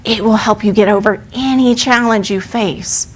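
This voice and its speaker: Reassuring old monk in a parable, voiced by a woman preacher at a middle pitch. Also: normal speed, husky, close to an everyday voice. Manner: calm, reassuring. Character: calm wise old male monk.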